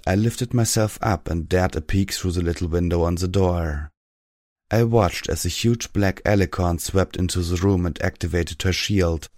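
A man narrating a first-person fan fiction story in a steady, dramatic reading voice. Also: sits low, no room sound, clean studio sound. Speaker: audiobook narrator.

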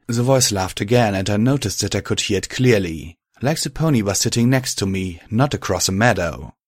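Guy reading a story out, low voice, dry close sound. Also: animated, normal speed, dry recording. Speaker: story narrator. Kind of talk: first-person story reading.

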